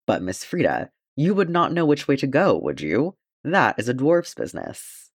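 A man's voice: mid-range voice, wildly swooping pitch, moderate pace, slightly rough, no room sound, clean studio sound, pitched above the performer's own voice, exaggerated voice. A man reading the part of a courteous, stalwart male dwarf warrior in an audiobook, in formal, gallant speech.

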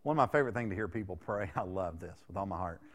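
A man's voice: low-pitched, expressive, rapid-fire. Folksy male preacher in his thirties. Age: 30s. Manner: folksy, conversational preaching with rhetorical questions to the congregation. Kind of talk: sermon.

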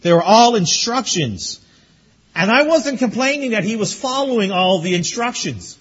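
A man's voice: high-pitched, lively intonation, moderate pace, a bit bright, breathy edge, lo-fi sound. A man preaching as pastor to graduates, telling a story with chuckles and then urging them earnestly. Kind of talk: sermon to graduates.

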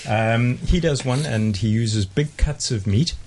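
A man from South Africa with a South African accent, talking about cooking in a relaxed, rambling way on a radio show. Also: medium pitch, unhurried, slight background noise. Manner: relaxed, rambling explanations with fillers. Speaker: radio co-host. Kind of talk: casual food chat on radio.

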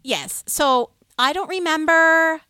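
Middle-aged woman telling a story on a stream, bright voice, does the voices, dry close sound. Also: very high-pitched, slow, no room sound. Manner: animated, acts out quoted voices. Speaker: livestream co-host. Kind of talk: casual storytelling.

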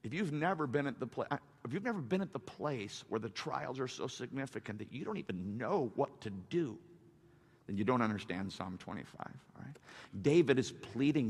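A man, a pastor, preaching a sermon, swinging between loud fervent surges and soft, confessional stretches. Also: medium pitch, animated, moderate pace. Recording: reverberant hall.

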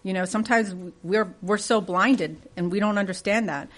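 A woman's voice: medium pitch, normal speed. A woman leading a church Bible study, reading scripture aloud and asking the group questions in a conversational way. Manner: reads scripture aloud with rising emphasis.

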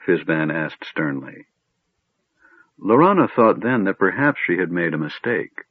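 Low husky male storyteller, tinny audio. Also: a little slow, no room sound. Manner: expressive storytelling. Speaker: audiobook narrator. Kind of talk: scripted narration. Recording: narrow phone-like sound, dry.

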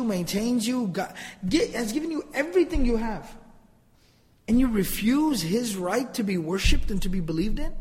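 A man giving an animated Quran commentary lecture, reciting Arabic verses and explaining them with rhetorical questions. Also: high voice, big-room sound. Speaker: Quran teacher.

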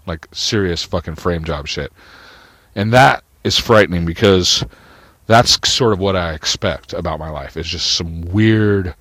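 A man's voice: low voice, a little slow, a bit bright, no echo. A man rambling through an agitated, profane, paranoid personal monologue.

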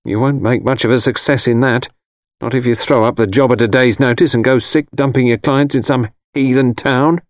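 A man's voice: mid-range voice, fairly even intonation, moderate pace, no echo, clean studio sound, pitched above the performer's own voice, close to an everyday voice. A male audiobook reader voicing a stern, disapproving middle-aged mother who speaks in clipped, reproachful phrases. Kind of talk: audiobook character voice.

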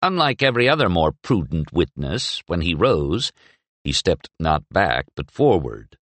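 A man reading a novel aloud as an audiobook narrator, in expressive, measured storytelling. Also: low voice, no room sound. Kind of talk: scripted narration.

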